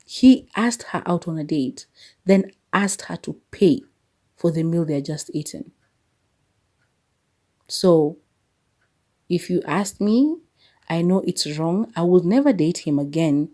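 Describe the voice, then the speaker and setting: A woman's voice: fairly low pitch, expressive, takes it slowly, pauses often, warm tone. A young woman hosting her own podcast, chatting casually and animatedly, laughing often and slipping between English and Swahili. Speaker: podcast host. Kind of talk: casual solo podcast chat.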